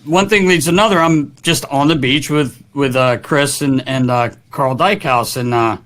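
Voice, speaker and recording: A man's voice: medium pitch, normal speed, fairly bright tone. A man co-hosting a podcast, telling a story in a rambling, filler-heavy way. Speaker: podcast co-host, former hockey player. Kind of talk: casual chat.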